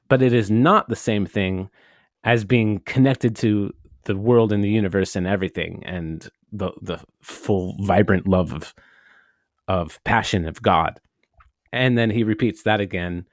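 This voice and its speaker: A man's voice: lowish voice, no room sound, clean studio sound. A man co-hosting a podcast, telling a story in a rambling, casual way and swearing now and then. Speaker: podcast co-host. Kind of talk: casual chat.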